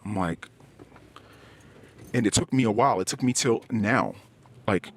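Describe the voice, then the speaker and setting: A middle-aged man hosting a podcast, telling a personal story in a candid, halting way, often restarting and searching for words. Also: lowish voice. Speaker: podcast host. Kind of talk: personal confessional podcast monologue. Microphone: podcast microphone, self-recorded.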